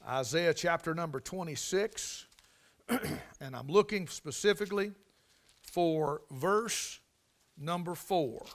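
A man preaching a sermon in a conversational way, repeating and restarting phrases and swelling loudly on key lines. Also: on the high side, takes it slowly.

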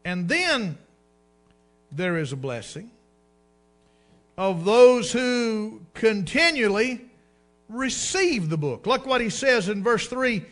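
A pastor preaching a sermon, slowing to quote scripture and dropping to a hushed tone at line ends. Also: male voice, sits high, sing-song, soft background music.

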